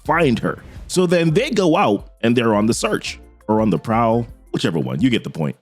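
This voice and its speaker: A man's voice: medium pitch, normal speed, faint music behind. A man giving a chatty, casual recap of a comic book issue. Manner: chatty, animated.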